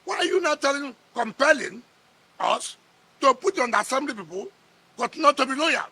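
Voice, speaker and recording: A man's voice: very high-pitched, lively intonation, normal speed, bright, forceful tone. A middle-aged man with a Nigerian accent, a politician sparring in a heated press interview, combative and scoffing, repeating his words.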